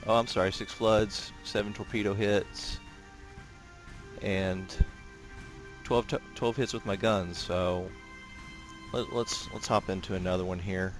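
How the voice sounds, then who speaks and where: A man giving casual commentary while playing a naval combat game, talking in a relaxed, rambling way with many fillers and restarts. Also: on the low side, a little slow, soft background music. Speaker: gameplay commentator.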